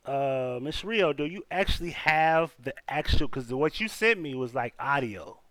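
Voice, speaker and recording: A man's voice: a little high, animated, unhurried, a bit bright, no echo. A man hosting a live stream, reading out news and talking loosely to his chat, often repeating himself. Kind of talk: casual news commentary.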